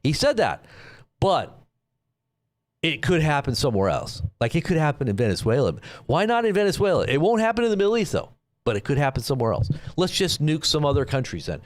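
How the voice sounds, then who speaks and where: A man's voice: a little high, sing-song, a little fast. Sarcastic rambling man. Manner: sarcastic, rambling, with frequent restarts. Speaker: live stream news commentator. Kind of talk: casual sarcastic commentary.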